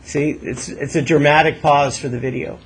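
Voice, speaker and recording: A man's voice: on the high side, steady tone, normal speed, a little hiss or hum, rough recording. A male math teacher leading a classroom lesson, coaxing students with questions and asking them to think aloud.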